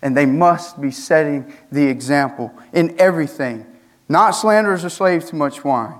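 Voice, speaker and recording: Man preaching, pitched a bit high. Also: moderate pace. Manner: preaching with rhetorical questions, rising emphasis. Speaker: student pastor. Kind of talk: sermon.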